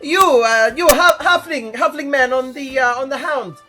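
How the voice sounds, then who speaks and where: A man voicing an excitable man calling adventurers over for drinks in a tabletop game. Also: normal speed, soft background music. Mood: eager. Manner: shouting, very high and eager.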